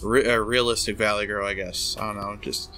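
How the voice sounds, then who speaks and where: A man's voice: lowish voice, fairly even intonation, a little fast, pushed and bright, soft background music. A man hosting a casual let's play, reading game dialogue aloud and rambling with wry asides. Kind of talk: casual gameplay commentary.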